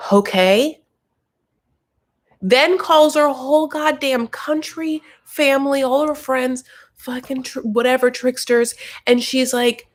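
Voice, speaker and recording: A woman hosting a casual show recap, talking in a gossipy, profane, ranting way. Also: high voice.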